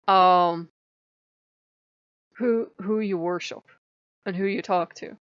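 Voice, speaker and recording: A woman's voice: mid-range voice, slow, long pauses, clear, resonant tone, dry recording, lo-fi sound. A tired woman talking late at night in a rambling, candid vlog monologue, self-mocking and swearing now and then. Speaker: pagan spiritual vlogger. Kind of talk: casual spiritual vlog monologue.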